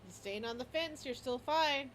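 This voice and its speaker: A woman running a tabletop game as game master, narrating in a lively way with frequent restarts. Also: high voice, normal speed, a little hiss or hum, rough recording.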